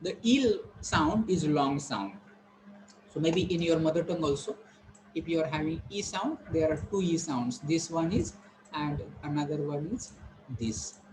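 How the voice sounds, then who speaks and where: A man teaching vowel sounds, saying each example word slowly and repeating it. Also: a little high, background noise. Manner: slow, repetitive, modelling each word carefully. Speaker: English pronunciation teacher. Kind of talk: classroom lesson on vowel sounds.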